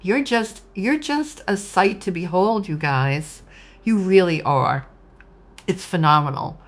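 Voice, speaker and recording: Gushing low-voiced woman reading tarot. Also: takes it slowly. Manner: warm, gushing, emotional, addresses viewers as "you guys". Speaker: tarot reader. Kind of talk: casual tarot reading monologue.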